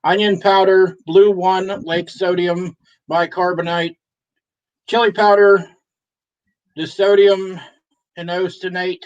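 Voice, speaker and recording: A man's voice: sits high, flat delivery, slow pace, long pauses, lo-fi sound. A man co-hosting a casual live stream, joking and cursing as he reads a snack's ingredient list.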